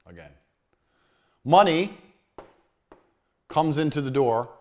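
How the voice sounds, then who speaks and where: Brief: aggressive, swearing business coach, a man with a slightly high voice, hammering points home and dropping to low asides. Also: animated, unhurried, long pauses. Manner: blunt, aggressive, swears constantly; swings between loud jabs and low muttered asides. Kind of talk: profane motivational lecture.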